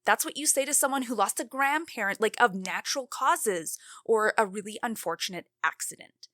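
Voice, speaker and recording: A woman's voice: on the high side, lively intonation, moderate pace, hardly any pauses, sharp tone, no echo, clean studio sound. A woman co-hosting a true-crime podcast, venting in an angry, heated rant with a lot of swearing, her breath shaky with rage. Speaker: podcast co-host. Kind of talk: casual true-crime chat.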